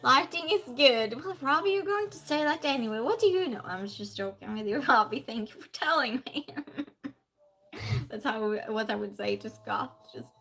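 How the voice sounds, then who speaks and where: A woman's voice: sits high, lively intonation, normal speed, bright, forceful tone, faint music behind. A woman hosting a casual live-stream game night, chatting, laughing often and greeting viewers by name from her desk at home.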